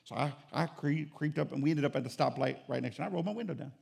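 A man's voice: fairly high pitch, racing, creaky, darkish tone, slightly rough. A middle-aged man preaching a sermon as pastor, telling stories and calling on the church for an amen. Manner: storytelling with call-and-response.

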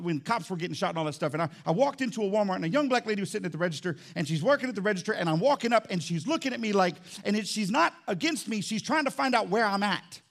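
Animated male pastor preaching. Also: vocal fry. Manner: animated, shouts and drops low, playful asides. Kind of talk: sermon. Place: church sanctuary.

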